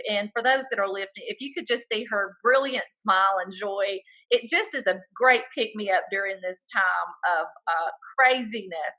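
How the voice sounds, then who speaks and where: Woman host on a video call, higher-pitched and bright, effusive and earnest. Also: low-quality recording. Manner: effusive, earnest, stretches key words. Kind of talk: hosting a video call interview.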